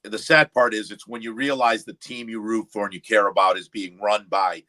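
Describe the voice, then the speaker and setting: A man's voice: on the low side, a little fast. An older man hosting a casual chat over drinks, telling stories and quoting movies. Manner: animated storyteller, quotes movies and friends. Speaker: livestream host.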